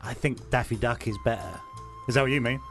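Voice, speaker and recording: A man's voice: mid-range voice, brisk, faint music behind. A man with a London accent, co-hosting a podcast in casual chat, chatty and self-deprecating. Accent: London English. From England. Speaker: podcast co-host.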